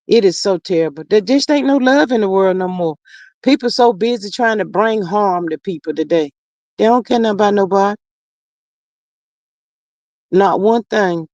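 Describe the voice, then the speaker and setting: A woman's voice: medium pitch, lively intonation, normal speed, long pauses, a little mellow, no room sound. Folksy woman chatting on a live stream. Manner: folksy, sighing, calls viewers "child" and "y'all". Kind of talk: casual live stream chat, reading comments. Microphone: streaming setup. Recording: dry, dull lo-fi stream audio.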